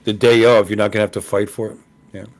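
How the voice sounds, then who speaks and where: A man's voice: on the low side, little pitch movement, fast. A man hosting a casual live stream hangout, chatty and greeting viewers, often repeating words as he thinks. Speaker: host of a live hangout show. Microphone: live stream call.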